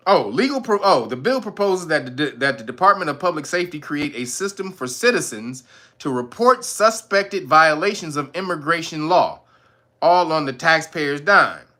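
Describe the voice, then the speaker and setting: A man hosting a livestream, reacting to news in casual slang and laughing often. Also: on the high side. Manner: laughs a lot, slangy, animated. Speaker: livestream host.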